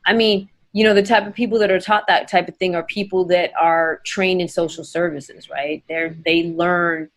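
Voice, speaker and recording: A woman's voice: lowish voice, fairly even intonation, moderate pace, hardly any pauses, low-quality recording. A woman interviewing a guest, thinking aloud with frequent fillers and tag questions. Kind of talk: reflective interview conversation.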